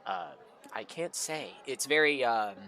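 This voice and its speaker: A man's voice: mid-range voice, expressive, measured pace, sharp tone, a faint crowd. A man casually commenting while streaming a game, rambling and joking about the dialogue. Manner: rambling, laughs a lot, mocks the dialogue.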